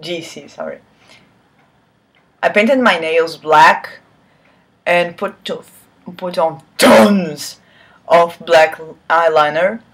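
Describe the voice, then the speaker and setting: A woman's voice: lowish voice, slow pace, pauses often. A woman giving a mocking dramatic reading of a fan story, breaking off for sarcastic asides. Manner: sarcastic asides between read lines; swears and laughs at the text. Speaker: reader of fan fiction.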